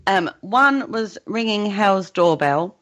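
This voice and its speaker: A woman's voice: mid-range voice, animated, takes it slowly, fairly bright tone. A British woman co-hosting a radio chat show, giggling as she reads items aloud.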